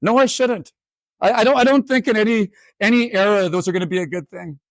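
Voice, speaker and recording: Man in his 40s, Canadian, keynote storyteller, self-mocking, fairly high voice, dry sound, lively comic delivery. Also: no room sound. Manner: animated, self-mocking, quick asides. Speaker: keynote speaker. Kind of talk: humorous storytelling talk.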